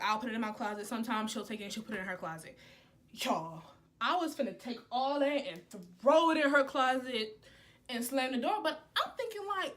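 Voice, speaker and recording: Telling a story for her vlog, a young woman uses casual slang and shifts back and forth from loud bursts to low, muttered asides.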